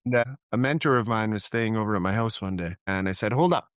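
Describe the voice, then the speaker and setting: A middle-aged man telling candid personal stories in a relaxed conversational way, reflective and animated when he quotes people. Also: lowish voice, fast talker, clear, resonant tone, dry recording, clean studio sound. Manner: reflective, acts out quoted dialogue with laughs. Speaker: podcast guest, therapist.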